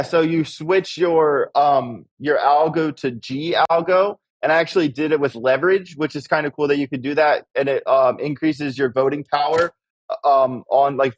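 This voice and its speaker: A man's voice: medium pitch, no room sound, low-quality recording. A man talking as a panel guest in casual chat, hesitant and full of ums. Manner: hesitant, lots of ums and likes.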